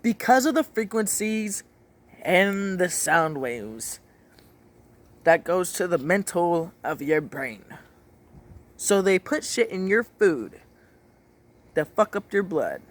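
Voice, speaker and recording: A man's voice: high voice, sing-song, takes it slowly, pauses often, a bit bright. A man ranting in casual talk, emphatic and profane, repeating his points. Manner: emphatic, swears a lot, repeats phrases.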